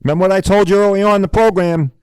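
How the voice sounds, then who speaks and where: A man's voice: high voice, fairly even intonation, rapid-fire, smooth, no echo, poor audio. A middle-aged man hosting a podcast, ranting bluntly and profanely and hammering his points home with repeated "all right?"s. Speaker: podcast host.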